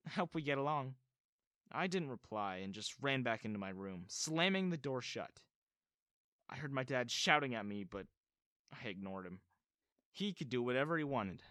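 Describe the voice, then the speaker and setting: A man narrating an animated story in the first person, telling it expressively. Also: medium pitch, moderate pace, no room sound, studio quality.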